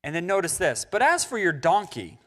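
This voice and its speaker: A male pastor preaches with a bright, lifted voice that swings widely up and down. He slips in and out of playful voices for biblical characters. The sound carries a long reverb from a church hall. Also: high-pitched, brisk. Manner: animated, acting out biblical characters in casual voices. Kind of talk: sermon. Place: church sanctuary.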